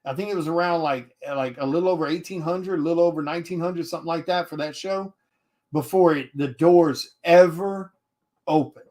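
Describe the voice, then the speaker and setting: A man, an indie comic artist, talks bluntly to his viewers in a casual livestream. His voice sits a bit higher than most men's. He swears freely and stumbles over restarts as he presses his point. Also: brisk. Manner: blunt, profane, animated, many restarts.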